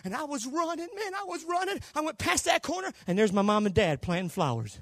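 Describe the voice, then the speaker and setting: An older man preaching a Pentecostal sermon in a very high, lively voice that climbs and drops sharply. He swings from near whispers to shouts as he acts out his story. The sound is dry and close. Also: fairly quick, dry recording. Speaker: pastor.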